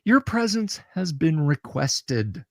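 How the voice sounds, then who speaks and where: A man voicing a hovering spherical robot in a tabletop game, speaking politely and formally in a measured way. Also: on the high side, big pitch swings, vocal fry, no echo, clean studio sound, voice pushed up, heavily acted.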